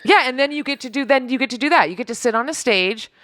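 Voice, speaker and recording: Animated woman podcast co-host. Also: high-pitched, fast talker, no room sound. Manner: animated, quotes people in acted voices. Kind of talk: casual chat.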